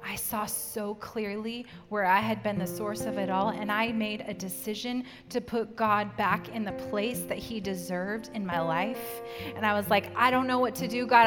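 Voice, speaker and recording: A middle-aged woman preaching a sermon and telling a personal story in an earnest way, acting out voices as she quotes them. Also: mid-range voice. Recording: long hall reverb with music behind. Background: soft guitar music.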